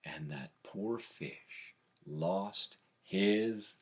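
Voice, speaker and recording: A man telling a tall tale as a storyteller, full of sound effects, dropping to whispers and building up to shouts. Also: low-pitched, drawn-out words, slightly rough. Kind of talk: animated oral storytelling.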